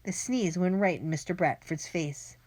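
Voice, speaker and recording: A woman narrating a children's adventure book in the first person, briskly and plainly. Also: fairly low pitch, background noise. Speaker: audiobook narrator.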